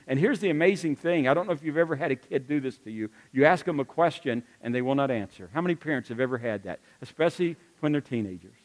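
A man's voice: medium pitch, lively intonation, quick pace, hardly any pauses. A male pastor preaching a sermon, mixing folksy jokes with earnest appeals.

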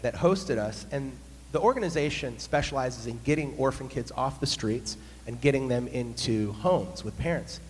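A man, a pastor, telling a humorous story in an animated sermon. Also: mid-range voice. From United States. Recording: long hall reverb, faint hum.

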